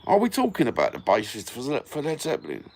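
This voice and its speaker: A man's voice: mid-range voice, wildly swooping pitch, quick pace, darkish tone, slightly rough. A man with a London accent chatting casually with live viewers on his phone, blunt and sweary, full of banter. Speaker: livestream host.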